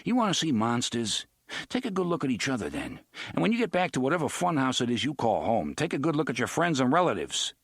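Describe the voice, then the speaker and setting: A man reading aloud, voicing a blunt young man who talks in rapid, exasperated outbursts. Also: mid-range voice, animated, a bit bright, no room sound, studio quality, voice pushed up.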